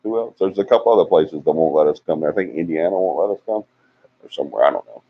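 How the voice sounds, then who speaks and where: A man's voice: extremely low pitch, expressive, quick pace. A man hosting a casual livestream, reading out viewer comments and teasing them in a chatty way. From Alabama. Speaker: livestream host. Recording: dull lo-fi livestream audio.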